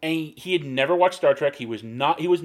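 A man's voice: on the high side, fast talker. A man co-hosting a podcast in casual chat, rambling and profane, hunting for names as he tells stories. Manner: rambling, profane, hunts for names mid-story.

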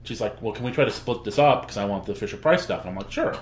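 A man's voice: fairly low pitch, expressive, reverberant. A man in casual chat, jumping in eagerly and acting out what people said. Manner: fast, eager, interjects, acts out quotes.

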